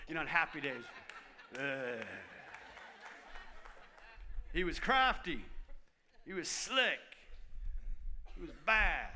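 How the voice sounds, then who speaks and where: A middle-aged man preaching a sermon, emphatic, repeating phrases and swinging from loud to whispers. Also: on the high side, a little hiss or hum.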